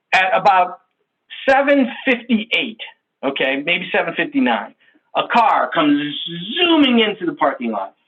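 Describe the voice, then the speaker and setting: A man presenting a sales workshop over a video call. His high, lively voice tells the story in an animated, conversational way, and the tone is bright with a husky edge. The audio is dull and lo-fi. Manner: animated, conversational, checks in with the audience. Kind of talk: sales training talk with storytelling.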